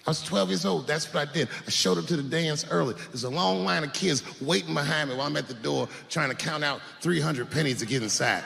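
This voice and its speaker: A man performing stand-up comedy on a large theater stage, storytelling with sudden swings between low mutters and loud outbursts. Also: quick pace, creaky, hardly any pauses, big-room sound.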